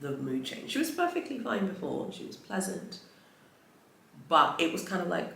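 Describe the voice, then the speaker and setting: A woman recounts a story to her vlog camera in a loose, chatty way, full of fillers and restarts. Her voice carries a gravelly fry. The room adds a noticeable echo over a faint hum of ambience. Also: fairly low pitch, sing-song, moderate pace, a bit bright. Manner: chatty, rambling retelling with many fillers. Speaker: vlogger. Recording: roomy echo.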